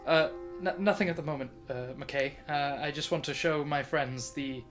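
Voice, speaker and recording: A man voicing an eccentric male wizard inventor who speaks in a halting, hesitant way. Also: fairly high pitch, music in the background, close to an everyday voice. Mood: fussy.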